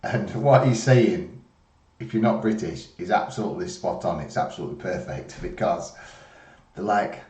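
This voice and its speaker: Male reaction host, rambling and low; roomy room, off-mic. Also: lively intonation, normal speed, darkish tone, distant mic. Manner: rambling, laid-back, restarts. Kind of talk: casual chat.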